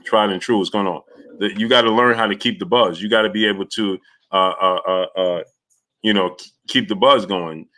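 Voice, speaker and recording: A man with a lowish but bright, forceful voice hosts a boxing talk live stream. He chats loosely with viewers, and his speech is full of fillers and restarts. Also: fairly even intonation, normal speed. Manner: loose and rambling, with many filler sounds and restarts. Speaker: boxing talk show host. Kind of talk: casual live-stream chat, greeting viewers by name.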